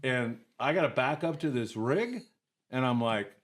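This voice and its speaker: Man telling animated fishing stories. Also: mid-range voice, moderate pace. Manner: animated anecdotes, acts out voices. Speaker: guest. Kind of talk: casual storytelling.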